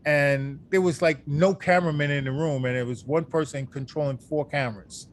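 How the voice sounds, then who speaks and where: A man's voice: fairly high pitch, moderate pace. A man hosting a sports talk show, chatting loosely and enthusiastically with many fillers. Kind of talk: casual chat.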